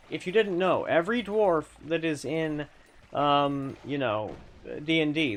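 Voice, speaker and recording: Chatty, playful man streaming a game. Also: a little high. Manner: chatty, playful, self-correcting asides. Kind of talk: casual gameplay commentary.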